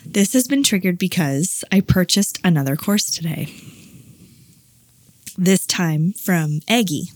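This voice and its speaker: A woman's voice: fairly low pitch, expressive, slow, long pauses. A woman co-hosting a podcast, speaking candidly and confessionally, often reading aloud from her journal. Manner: open, confessional, with many "like" fillers. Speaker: podcast co-host.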